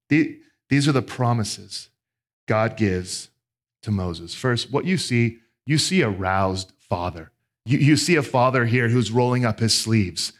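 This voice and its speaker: A middle-aged man preaches a sermon at an ordinary, mid-range pitch. He pushes key lines up with emphasis, then drops to a hushed, quiet tone. His delivery feels conversational yet driven. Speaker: pastor.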